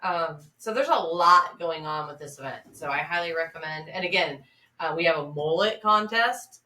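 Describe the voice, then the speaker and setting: A woman co-hosts a casual podcast, her voice bright and forceful with a slightly low pitch. She sits back from the mic in a roomy, echoing space. She talks chattily, with frequent ums. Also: normal speed, distant mic. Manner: chatty, promotional, many fillers. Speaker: podcast co-host. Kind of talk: casual chat.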